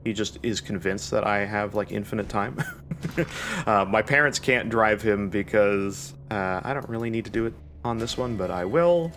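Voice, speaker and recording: A man's voice: fairly low pitch, moderate pace, a bit bright, slight background noise. A young man giving rambling, panicky commentary while playing a video game, talking to himself. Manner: panicky, rambling, self-talking with nervous laughs. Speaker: gaming YouTuber. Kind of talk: live gameplay commentary.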